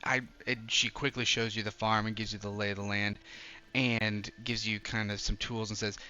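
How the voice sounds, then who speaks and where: A man running a tabletop game as game master, casual and quick to laugh. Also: lowish voice, level tone, sharp tone, highs cut off.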